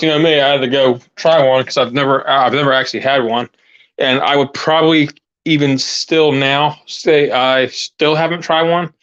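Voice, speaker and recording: A man talks loosely to his viewers while working outside, often stopping to restart his sentences. His voice sits at a middling pitch and comes through a lapel mic. The sound is dry and a little dull, with a lo-fi edge. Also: fairly bright tone, no room sound. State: out of breath. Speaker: channel host. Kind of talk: casual live chat while gardening.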